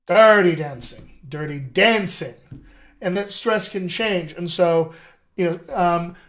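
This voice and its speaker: A man's voice: sits high, unhurried, a bit bright. A middle-aged man, a dialect coach, hosting a casual live-stream chat in an upbeat, salesy way and calling his viewers his friends.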